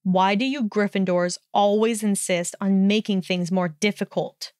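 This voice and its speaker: A woman's voice: mid-range voice, fairly even intonation, a little slow, darkish tone, clean tone, no room sound, clean studio sound, natural voice. A woman voicing a hot-tempered young male wizard in a storybook reading, snarling and sneering. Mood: scornful.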